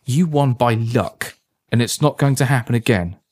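A man's voice: medium pitch, moderate pace, darkish tone, husky, dry recording, close to an everyday voice. A man voicing a timid schoolboy who stammers when flustered. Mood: nervous.

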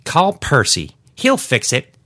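A man's voice: medium pitch, wildly swooping pitch, slow, bright, forceful tone, dry recording, clean studio sound, pitched above the performer's own voice, heavily acted. A man voicing an imperious, short-tempered older woman in a storybook reading, speaking in a haughty, demanding manner.

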